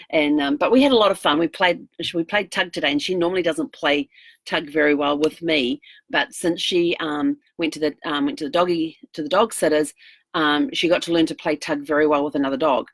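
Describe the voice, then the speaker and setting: Chatty, rambling woman vlogger, lowish voice. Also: a bit bright, dry recording. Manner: chatty, rambling, laughs easily. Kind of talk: casual daily video diary.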